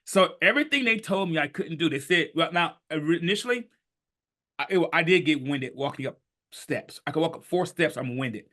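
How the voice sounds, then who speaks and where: A man in his fifties telling his life story on a podcast, animated and emphatic, sometimes rising to a shout. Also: fairly high pitch, normal speed. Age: 50s. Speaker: podcast guest. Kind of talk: storytelling in conversation.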